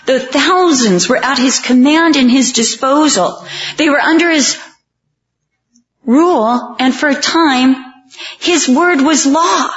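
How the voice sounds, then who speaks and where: A middle-aged woman preaching a sermon, telling family stories and acting out the dialogue with lively delivery. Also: fairly high pitch. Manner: animated storytelling, acts out family dialogue. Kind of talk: sermon with comic anecdotes. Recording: dull, echoey room sound.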